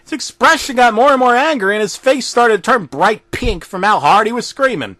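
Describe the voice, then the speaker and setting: A man's voice: very high voice, animated, a little fast, bright, forceful tone, no room sound. A man narrating a comedic horror story in a crude, profane storytelling manner.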